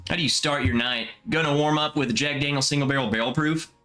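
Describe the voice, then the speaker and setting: A young man hosting a casual livestream, tasting bourbon and chatting as he reads viewer comments, relaxed and musing. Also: a little high, fast, faint music behind. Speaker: livestream host. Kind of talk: casual live chat reading comments.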